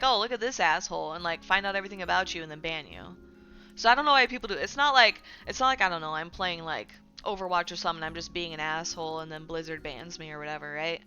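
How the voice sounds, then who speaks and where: A woman streamer chatting casually, rambling with frequent fillers and self-corrections, getting animated and indignant as she recounts community drama. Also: medium pitch. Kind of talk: casual livestream chat about community news.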